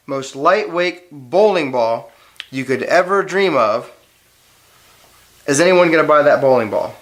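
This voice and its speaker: A man's voice: fairly high pitch, fairly bright tone. A middle-aged man, a father teaching his daughter, telling a playful, dramatic story to make a lesson point. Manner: dramatic, playful, builds suspense.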